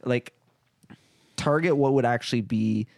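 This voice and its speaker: A man's voice: medium pitch, measured pace, a little mellow, dry recording, clean studio sound. A young man co-hosting a casual podcast, laid-back and rambling, full of "like" fillers. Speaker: podcast co-host.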